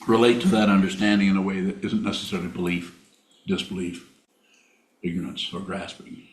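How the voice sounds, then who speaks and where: A male Buddhist meditation teacher giving a dharma talk with questions, speaking in a halting, plainspoken way and repeating words. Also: low-pitched, steady tone. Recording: roomy hall sound.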